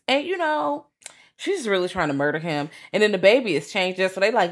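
A woman's voice: sing-song, normal speed. A woman co-hosting a podcast in jokey, profane casual chat. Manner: profane, jokey, swings her pitch widely. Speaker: podcast co-host.

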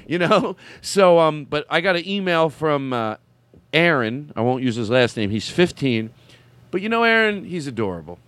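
A man hosting a comedy podcast in an excitable, rambling way, his voice bouncing around a lot. The sound is dry and close, with a slightly high pitch. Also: normal speed, dry recording. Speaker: podcast host. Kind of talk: casual comedy podcast chat.

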